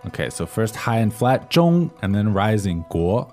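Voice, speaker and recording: A man's voice: fairly low pitch, sing-song, moderate pace, a little mellow, soft background music. A man co-hosting a podcast language lesson, prompting with questions and recapping each point in plain English. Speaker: co-host.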